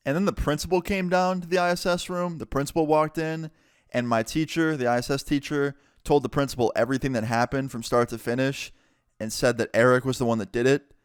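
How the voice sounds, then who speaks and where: Male vlogger, casual story-time narrator, smooth clear voice, dry close mic. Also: mid-range voice, fairly even intonation, no echo. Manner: chatty, quick to act out people he quotes, lots of "like".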